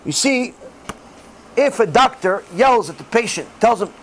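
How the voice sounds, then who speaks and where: A middle-aged man giving a religious class in sermon style, animated and acting out the voices he quotes. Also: high-pitched, measured pace, poor audio. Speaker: rabbi giving a Torah class.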